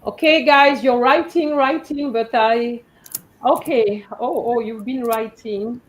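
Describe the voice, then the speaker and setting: Speaking slowly in a slightly high voice, a woman holds a live French class online and patiently corrects her students' letters individually over video call. The audio is of low quality.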